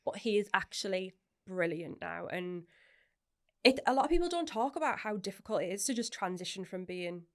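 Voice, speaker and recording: A woman's voice: medium pitch, big pitch swings. Chatty woman sharing candidly. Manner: open, chatty, quick bursts of laughter, swears casually. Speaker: podcast guest. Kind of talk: candid personal interview.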